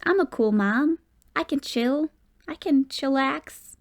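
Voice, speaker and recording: A woman's voice: fairly high pitch, normal speed, darkish tone, close to an everyday voice. A woman voicing a grieving, loving middle-aged mother in an audiobook, speaking in a pleading, tender way. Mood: playful.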